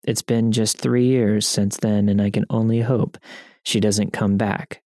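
A man narrating first-person stories as scripted narration, even and matter-of-fact. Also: on the low side, a little slow, no echo, studio quality. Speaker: story narrator.

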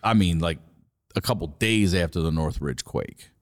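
A middle-aged man from Maryland, a comedian guest telling a profane, animated story in casual conversation. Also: sits low, moderate pace.

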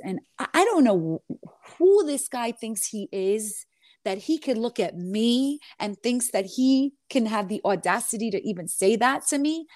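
A woman reality TV star in an interview, telling her side of a clash in a sassy, animated way and calling the listener honey. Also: on the high side, normal speed, no echo, studio quality. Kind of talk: candid storytelling interview.

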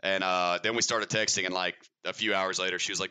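Deep-voiced Southern man, fast and bright. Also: little pitch movement, clear, resonant tone. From Mississippi, USA. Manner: rambling, self-mocking, laughs through stories. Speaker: podcast guest. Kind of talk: casual storytelling.

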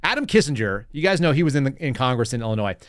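Speaking directly to his audience, this Texas podcast host reads political news aloud and fires back with sarcasm and mockery. His mid-range voice is very animated and very fast.

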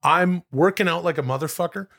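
A man co-hosting a comedy podcast, brainstorming in a casual, excitable way, swearing freely and jumping up in pitch as he riffs. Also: brisk. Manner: animated, excitable, jumps high in pitch when riffing. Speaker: podcast co-host.

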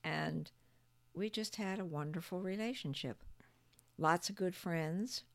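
Gracious older woman with a gravelly low voice. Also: measured pace, no echo. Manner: gentle, gracious, often thanking. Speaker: podcast guest, host's grandmother. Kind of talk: casual conversation. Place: home basement.

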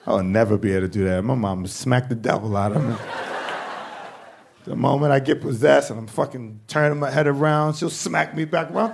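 A young adult man doing stand-up comedy, telling animated, profane stories. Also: medium pitch, brisk, vocal fry, background noise.

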